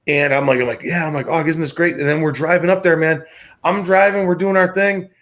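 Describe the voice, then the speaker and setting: A man's voice: a little high, fairly even intonation, fairly quick, a bit bright. A man in his thirties from the Chicago area, hosting a sports talk show and telling rambling, profane stories in which he acts out the other voices. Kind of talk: casual podcast storytelling.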